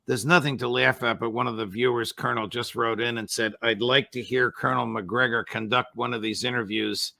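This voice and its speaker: Gravelly-voiced male talk show host. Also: medium pitch, little pitch movement, fairly quick, hardly any pauses, bright, forceful tone, no room sound. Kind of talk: interview, conversational.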